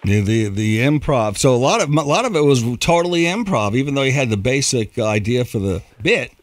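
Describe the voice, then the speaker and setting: A man's voice: mid-range voice, very animated, brisk, no room sound. A man hosting a radio interview show, asking questions in a friendly, fan-like way.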